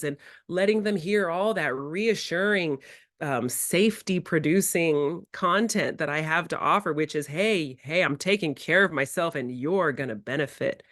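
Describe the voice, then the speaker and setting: Animated woman leading a workshop. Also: no echo, studio quality. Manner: animated, acts out playful kid dialogue in bright high voices. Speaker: workshop presenter. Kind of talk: early childhood workshop talk. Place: indoor workshop room.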